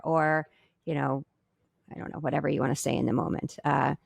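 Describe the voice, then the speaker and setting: A woman's voice: deep voice, fairly quick, gravelly, slightly rough, no room sound, clean studio sound. A middle-aged woman cohosting a podcast, talking reflectively in casual chat. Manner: reflective, thinks aloud with restarts.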